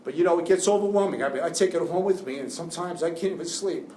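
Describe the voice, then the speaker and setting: In a classroom, a middle-aged juvenile defense attorney talks to law students as a guest speaker, emotional and rambling, restarting again and again. His voice runs on the high side, quick, with a dark tone. The recording is distant, with classroom echo and a faint hiss.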